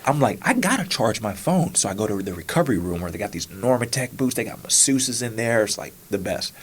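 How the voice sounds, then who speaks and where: Speaking fast, a man hosting a podcast relates a personal tale conversationally. He reenacts what he said back then, his voice at times hushed to a whisper and at times climbing high.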